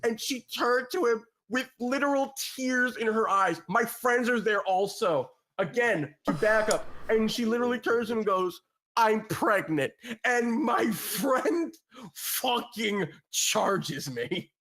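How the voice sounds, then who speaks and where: A young man telling an animated, profane prank story on a podcast, laughing as he goes. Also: very high-pitched, a little slow. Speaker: podcast co-host. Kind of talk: casual storytelling.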